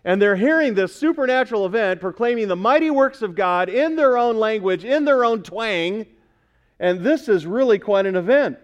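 A man's voice: sits high, lively intonation, normal speed, lo-fi sound. A male pastor preaching a sermon in a conversational way, asking the congregation questions as he goes.

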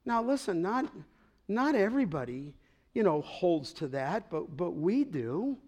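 A middle-aged man preaching a sermon as pastor, emphatic, pausing to ask the congregation to fill in words. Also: high-pitched, big pitch swings, darkish tone.

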